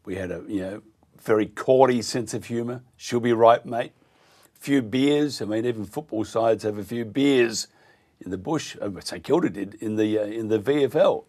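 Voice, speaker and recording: A middle-aged man with an Australian accent, hosting talk radio in an indignant, halting way with many fillers. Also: lowish voice, darkish tone.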